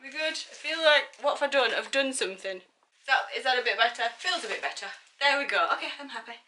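A woman's voice: high-pitched, lively intonation, fast talker, bright, forceful tone, echoey room, recorded from a distance, slight background noise. A woman unboxing beauty products, chatty and self-mocking, reading product blurbs aloud. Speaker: beauty vlogger. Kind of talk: casual unboxing chat.

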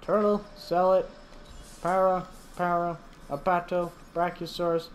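A man giving casual, playful commentary while playing a video game, chatting to the animals on screen and thinking out loud. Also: high voice, flat delivery, measured pace, faint music behind. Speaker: gaming channel host.

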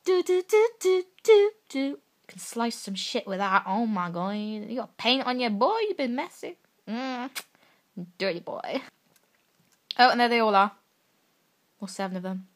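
A woman's voice: mid-range voice, measured pace, long pauses, a bit bright. A young woman hosting a reaction video, gushing, gasping and teasing as she reacts to photos one by one.

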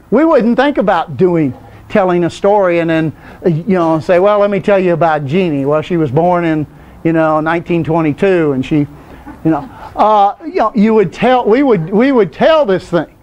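A man's voice: high voice, darkish tone. A man leading a Bible class, asking the group questions and often answering them himself. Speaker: Bible study teacher. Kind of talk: conversational Bible teaching.

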